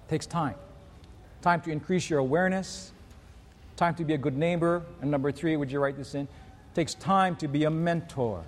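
High-voiced preacher in a reverberant hall. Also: male voice, darkish tone. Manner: earnest, teaches in numbered points. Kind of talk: sermon.

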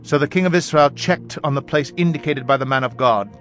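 A man reading scripture aloud in a measured, even voice. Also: mid-range voice. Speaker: Bible reader. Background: faint background music.

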